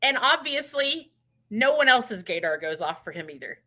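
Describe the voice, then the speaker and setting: A middle-aged woman co-hosting a podcast, telling stories in a relaxed, unhurried way with frequent restarts. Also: fairly high pitch. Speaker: podcast co-host. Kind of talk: casual chat.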